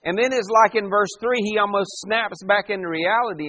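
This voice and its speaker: A man pastor preaching a sermon verse by verse, swelling for emphasis and dropping to a hush. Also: sits high, moderate pace, hardly any pauses, lo-fi sound.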